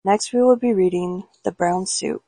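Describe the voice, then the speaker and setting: Brief: woman storyteller, gravelly and breathy, close and dry. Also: mid-range voice, moderate pace, mellow, no echo, poor audio. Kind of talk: storybook reading aloud.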